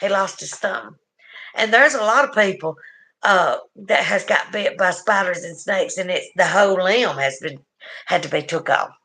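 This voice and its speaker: A woman's voice: mid-range voice, normal speed, bright, forceful tone. Chatty Southern woman reading comments. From southern United States. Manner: chatty and folksy, with asides to viewers. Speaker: livestream host reading viewer comments. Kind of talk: casual chat.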